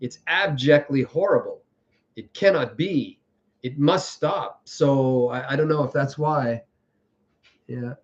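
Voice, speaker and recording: Halting, rambling man on a lo-fi stream. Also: mid-range voice. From French background. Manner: meandering, halting, repeats words and fillers. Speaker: livestream host. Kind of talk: rambling live-stream monologue.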